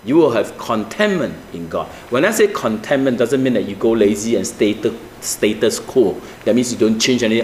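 A male pastor, preaching with animated swings from high emphatic peaks to low asides, asking the congregation rhetorical questions. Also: normal speed, few pauses, a little hiss or hum. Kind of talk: sermon. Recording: echoey church room with faint ambience.

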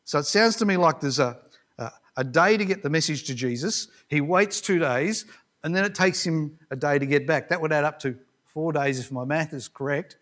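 A man delivers a sermon, retelling a scripture story in a conversational, reflective manner and occasionally restarting a line. His voice is a bit bright and slightly higher than most men's, at a moderate pace.

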